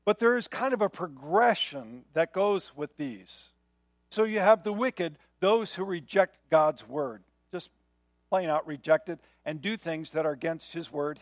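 A man's voice: on the high side, no echo, studio quality. An older man preaching a sermon in a conversational way, often checking in with the listeners. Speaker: pastor.

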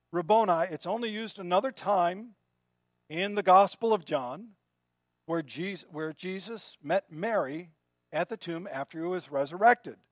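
Slow earnest male preacher. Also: sits high, no echo, studio quality. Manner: earnest, drops to soft quiet tones when moved. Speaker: pastor. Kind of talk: sermon.

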